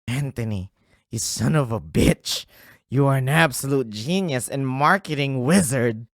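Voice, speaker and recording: A man voicing a scheming ex-convict watch dealer in a comedy skit, with a put-on accent and an excited delivery. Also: medium pitch, unhurried, dry recording, clean studio sound. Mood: awed.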